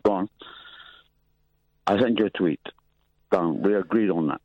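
A man's voice: deep voice, moderate pace, darkish tone, dry recording. A male caller on a radio phone-in, insistent and aggrieved, pressing to be heard. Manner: insistent, aggrieved, keeps asking to talk. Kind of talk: phone-in call. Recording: muffled phone line.

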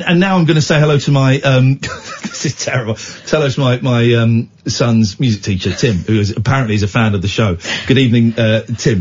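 A man with an English accent hosting a late-night radio chat show, animated and self-mocking, often breaking into giggles. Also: mid-range voice, lo-fi sound, a little hiss or hum. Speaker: radio host.

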